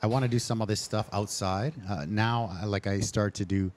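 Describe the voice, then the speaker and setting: A man's voice: on the low side, fairly even intonation, normal speed. A man, a restaurant owner, chatting as a guest on a podcast, telling stories in a rambling way and acting out what people said. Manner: chatty storyteller who acts out quoted speech; rambling, with many restarts and fillers. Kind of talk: casual interview chat.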